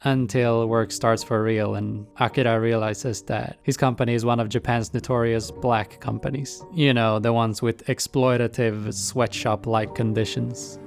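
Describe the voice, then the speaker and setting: A man narrating a scripted video essay about anime in a casual, irreverent way, swearing freely. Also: mid-range voice.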